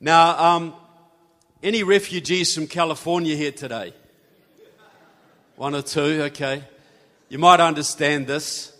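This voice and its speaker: A man's voice: fairly high pitch, steady tone, measured pace, pauses often, sharp tone. A man from New Zealand with a New Zealand accent giving a folksy, earnest speech to a live audience. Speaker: guest speaker. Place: large hall. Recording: hall reverb.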